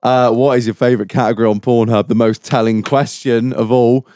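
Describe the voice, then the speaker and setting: A man's voice: medium pitch, little pitch movement, fairly quick, warm tone, dry recording, studio quality. A man hosting a podcast, bantering crudely and teasing his guest in casual chat. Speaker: podcast host.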